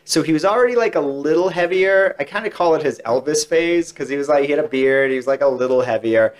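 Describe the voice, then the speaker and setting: A man's voice: on the high side, quick pace. A man on a podcast, chatting casually as a guest and telling long stories about interviews he has done, with lots of asides. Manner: chatty, rambling, many asides. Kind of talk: casual anecdotal storytelling.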